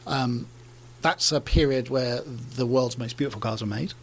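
A middle-aged Englishman, a car designer, telling stories in a casual interview, animated and often laughing, with frequent restarts. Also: medium pitch, moderate pace, a little hiss or hum.

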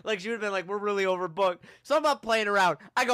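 A man with a high, bright voice tells a story on a podcast and slips into voices for the people in it. His delivery is animated and jokey. The sound is close and dry. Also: fast, hardly any pauses, no room sound. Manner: animated, acts out quoted people with shouts and laughs. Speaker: podcast host. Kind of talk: casual storytelling chat.

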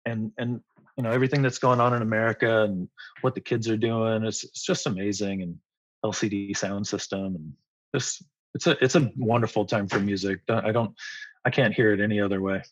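A man's voice: fairly low pitch, fairly even intonation, brisk, dry recording, dull audio. A man in his forties, a musician being interviewed, talking in a rambling, enthusiastic way. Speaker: musician guest. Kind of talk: casual interview.

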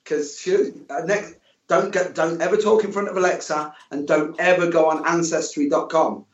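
A man hosts a casual podcast interview in a somewhat high voice, with a steady tone and moderate pace, chatty and jokey and often repeating his words. The recording is distant, echoey and muffled.

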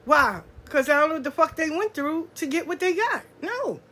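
A woman who reads cards, telling stories in a loud, animated, profane monologue. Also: sits high, moderate pace. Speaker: spiritual card reader. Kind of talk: casual storytelling monologue.

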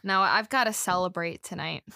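A young woman co-hosting a podcast in casual chat, excitable and joking, swearing now and then. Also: fairly low pitch, moderate pace, gravelly, dry recording, clean studio sound. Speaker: podcast co-host.

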